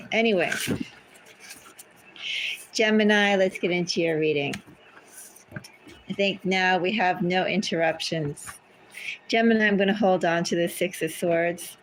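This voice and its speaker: A woman's voice: fairly low pitch, a little hiss or hum, low-quality recording. A woman giving a casual tarot reading at home, chatty and easily sidetracked. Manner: chatty, easily sidetracked, talks to her cats. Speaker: tarot reader. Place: home with cats.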